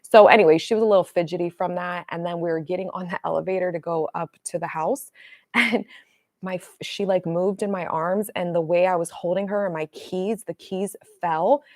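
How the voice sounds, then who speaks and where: A middle-aged woman coach talking casually on a livestream, blunt and animated, swearing freely as she tells stories. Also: fairly low pitch, normal speed, no echo, studio quality. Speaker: manifestation coach.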